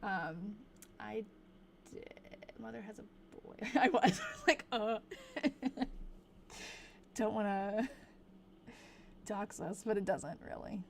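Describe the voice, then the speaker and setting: A young woman hosting a casual livestream, chatting and slowly reading diary entries aloud, laughing often. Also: medium pitch, gravelly, a little hiss or hum.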